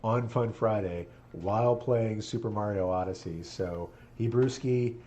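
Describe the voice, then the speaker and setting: A man's voice: fairly low pitch, unhurried, mellow, muffled recording, a little hiss or hum. A man rabbi chatting casually on a live stream while playing a game, earnest and moved, laughing often.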